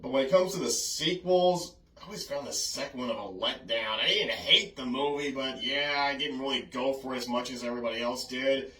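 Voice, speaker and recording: A man's voice: mid-range voice, a little fast, few pauses, sharp tone. Chatty apologetic man, echoey distant mic. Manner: chatty, apologetic, frequent "oh, goodness" and chuckles. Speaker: film reviewer vlogger. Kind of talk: casual rambling film memories.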